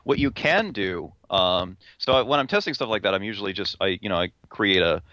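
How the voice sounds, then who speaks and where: A man's voice: on the low side, lively intonation, a little fast, pushed and bright, no echo, dull audio. A man talking through a technical point in casual panel chat, with many restarts and fillers. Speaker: podcast panelist.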